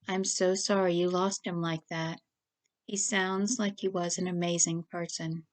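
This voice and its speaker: A woman voicing a gentle, sleepy young man who speaks softly. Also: fairly low pitch, flat delivery, a little slow, lightly acted. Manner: soft and gentle.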